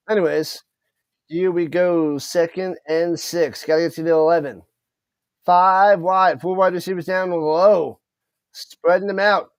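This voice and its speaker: A man's voice: high voice, measured pace, no echo. A man streaming live play-by-play of a football game, talking to his chat and tripping over unfamiliar player names. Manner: excited commentary, chats with viewers, stumbles over names.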